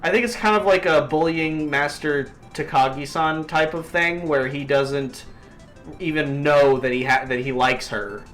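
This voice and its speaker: A man's voice: a little high, a little slow, over music. A man co-hosting a podcast, chatting casually with crude, joking banter. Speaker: podcast co-host. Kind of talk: casual chat.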